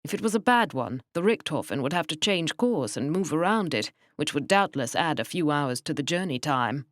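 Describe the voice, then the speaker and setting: Woman, audiobook narrator, low voice, measured and wry, dry close recording. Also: animated, no echo. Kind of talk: scripted narration.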